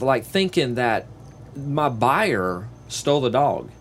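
A man hosting a podcast, telling a casual story and acting out the other people in it with a raised voice. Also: unhurried. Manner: animated, acts out quoted voices in a higher pitch. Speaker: podcast host and real estate agent.

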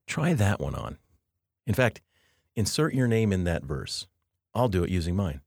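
Deep, husky-voiced man teaching scripture. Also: sing-song, moderate pace, dry recording, studio quality. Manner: earnest, reflective, with light self-deprecating asides. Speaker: podcast host. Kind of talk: devotional podcast teaching.

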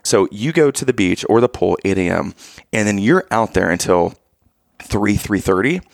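A man co-hosting a podcast, telling a family road-trip story in casual chat, animated and rising to exasperated outbursts. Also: on the low side, normal speed, creaky, dry recording, clean studio sound. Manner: animated, rising to loud exasperation when quoting himself. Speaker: podcast co-host.

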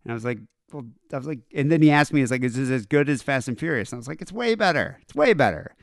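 A man co-hosting a podcast, spinning a long anecdote in a smooth, resonant voice. He acts out both sides of the exchange as he goes. The sound is dry and close, with no room around it. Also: mid-range voice, rapid-fire, no room sound. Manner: animated retelling, acts out both sides of a conversation. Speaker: podcast co-host. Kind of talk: casual storytelling chat.

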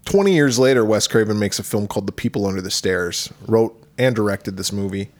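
A man's voice: on the low side, fairly quick, a little mellow. A man in his forties co-hosting a casual movie review podcast, reading out cast lists, swearing freely and laughing with his co-host. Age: 40s.

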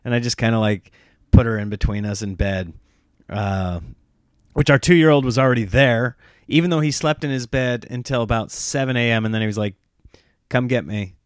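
A man in his thirties spinning a loose, chatty comic story about his kids, jumping between tangents. He pops into higher, squeakier voices when quoting the children. The sound is close and dry, with no room around it. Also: a little fast, clear, resonant tone, no room sound.

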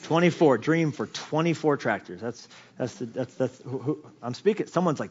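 A man preaching a sermon as pastor, telling the story with lively asides, jokes and many restarts. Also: mid-range voice, moderate pace, dull audio, slight background noise. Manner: animated storytelling, swings from quiet asides to loud emphasis; many restarts and repeated words, jokes and chuckles.

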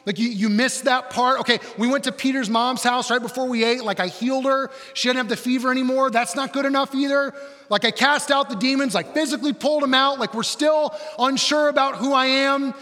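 A man's voice: extremely high pitch, steady tone, sharp tone, big-room sound, pitched above the performer's own voice. A man voicing Jesus as an exasperated adult man, firing off impatient questions at his frightened followers. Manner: impatient, rapid-fire rhetorical questions.

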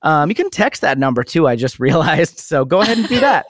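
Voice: medium pitch, big pitch swings, fairly quick, dry recording, studio quality. A podcast host chatting casually, rambling and laughing, reading out thanks to supporters. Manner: rambling, laughing, self-deprecating. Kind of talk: casual chat.

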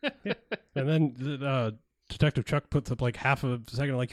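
A man's voice: mid-range voice, normal speed, darkish tone, no room sound. A man co-hosting a movie podcast in casual chat, musing and hedging with plenty of filler words. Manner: musing, hedging with lots of "you know" and "like". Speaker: podcast co-host.

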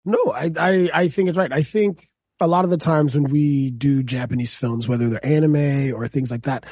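A man co-hosting a casual podcast chat, enthusiastic and animated, with lots of "like.". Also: medium pitch, moderate pace, dry recording, studio quality. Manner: enthusiastic and animated, says "like" a lot. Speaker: podcast co-host.

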